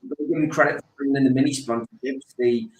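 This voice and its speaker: Chatty podcast host in an echoey room. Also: male voice, mid-range voice, very fast, a little hiss or hum. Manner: relaxed, reads out chat comments with many fillers. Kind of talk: fan podcast chat.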